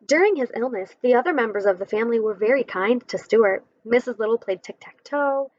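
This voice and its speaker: A woman's voice: fairly high pitch, lively intonation, fairly quick, dry recording, dull audio. A woman reading a children's chapter book aloud, adding friendly explanations between passages.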